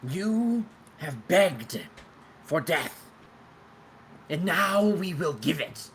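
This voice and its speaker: A man voicing a menacing female undead summoner who calls up the dead in slow, drawn-out proclamations. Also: lowish voice, big pitch swings, a little hiss or hum, pitched above the performer's own voice, exaggerated voice.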